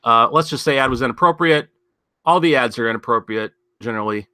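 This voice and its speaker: A man's voice: medium pitch, fairly quick, bright, forceful tone, dry recording, studio quality. A man hosting a casual news commentary show, rambling and sardonic, thinking aloud with many fillers and asides. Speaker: podcast host.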